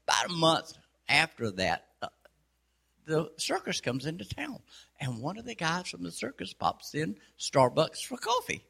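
Give me a husky, gravelly man spinning a folksy joke. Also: a little high, wildly swooping pitch, measured pace, pushed and bright. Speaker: storyteller. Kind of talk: casual joke telling.

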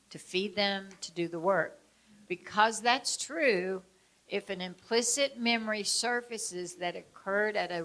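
A woman teaching about traumatic memory, illustrating it with a personal story. She tells it expressively, shifting between loud emphasis and hushed moments. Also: mid-range voice. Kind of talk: personal story within a lecture.

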